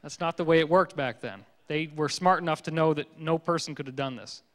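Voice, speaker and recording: Male lecturer, slightly high voice, playful storyteller, long hall reverb. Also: a little fast. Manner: joking, animated storytelling. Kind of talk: public lecture.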